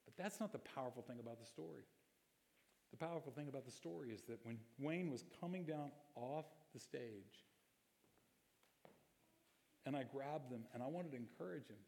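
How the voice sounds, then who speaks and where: A pastor delivering a sermon, a man with a mid-pitched voice. He moves between storytelling and impassioned exhortation to his church. A long, ringing hall reverb trails his words. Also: darkish tone.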